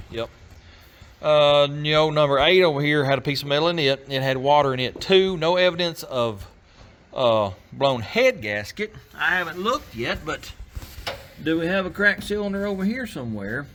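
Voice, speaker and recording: A folksy man talks through his work in a casual garage vlog, his voice sitting a little high for a man. He thinks aloud in a relaxed drawl and chuckles at his own mishaps. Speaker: garage channel host.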